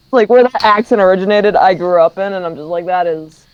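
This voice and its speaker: An easygoing Californian woman with an ordinary mid-range voice chats playfully as a player at the table. Her talk is relaxed and unhurried. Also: medium pitch, dull audio. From Los Angeles area. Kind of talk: casual chat.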